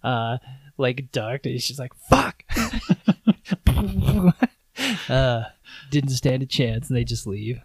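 A man co-hosting a podcast, chatting casually about a movie, laughing often and acting out lines loudly. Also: medium pitch, flat delivery, a little slow, dry recording. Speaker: podcast co-host.

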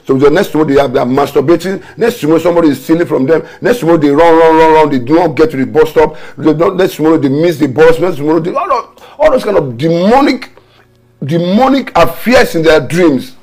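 A man's voice: a little high, expressive, fast, a little mellow. A man pastor preaching an online morning prayer sermon, fervent, mixing tongues and repeated decrees with stories. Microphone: home camera setup for an online broadcast.

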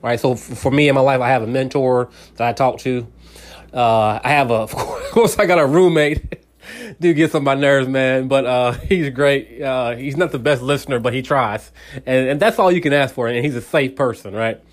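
A male host talking straight to his listener in an earnest, casual way. He rambles and restarts his sentences often, his voice sitting at an ordinary middle pitch. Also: moderate pace. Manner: friendly, speaks directly to listener. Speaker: radio show host. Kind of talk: casual motivational talk.

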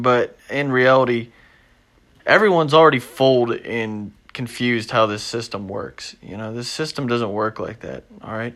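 A young man hosting his own show, ranting off the cuff with constant swearing, moving between low mumbles and loud agitated outbursts. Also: unhurried. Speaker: podcast host. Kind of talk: unscripted ranting monologue.

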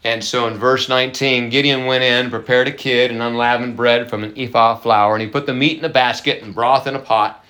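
A man preaching a sermon, lively and chatty with his congregation, slowing down to stress key words and laughing often. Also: medium pitch, echoey room. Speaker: pastor.

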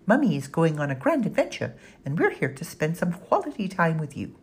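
A sweet, bubbly six-year-old girl who coos her answers softly, as an audiobook narrator puts her on. She sounds eager and earnest. There is a faint husky grain under it. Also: low-pitched, sing-song, normal speed, heavily acted. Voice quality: soft, eager, cooing. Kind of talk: audiobook character voice.

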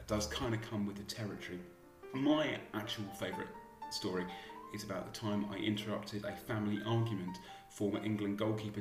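Wry man telling a story, roomy echo. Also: lowish voice. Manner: dry, wry delivery. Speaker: podcaster and journalist. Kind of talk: scripted storytelling.

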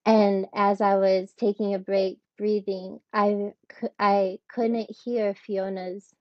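Woman guest, emotional storyteller with heavy fillers, mid pitch, muffled dry recording. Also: level tone, takes it slowly, no echo. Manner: emotional, rambling, lots of "like" fillers. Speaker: podcast guest. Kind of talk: personal storytelling. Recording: dull, dry low-fi audio.

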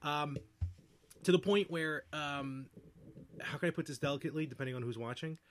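A man's voice: a little high, fairly quick, a little hiss or hum. A man co-hosting a live podcast, teasing his partner and laughing often in casual chat. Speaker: podcast co-host.

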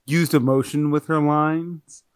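A man's voice: a little high, fairly even intonation, measured pace, clean tone, no room sound. A man co-hosting a podcast, reviewing a movie in casual chat, rambling and correcting himself as he goes. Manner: chatty, rambling, self-correcting. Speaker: podcast co-host.

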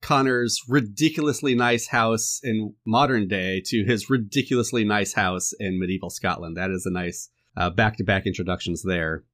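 A man's voice: on the low side, fairly even intonation, moderate pace, hardly any pauses, fairly bright tone. A man co-hosting a casual film podcast, musing and self-deprecating, laughing often. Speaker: podcast co-host. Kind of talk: casual film-discussion chat.

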